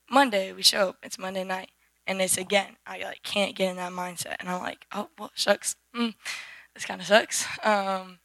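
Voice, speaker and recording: A teenage girl with a hoarse, worn-out voice, giving a rambling personal testimony at a church service on a handheld mic, full of fillers and restarts. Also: mid-range voice, a bit bright, dry recording. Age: teens. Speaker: youth group member giving testimony. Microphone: handheld microphone.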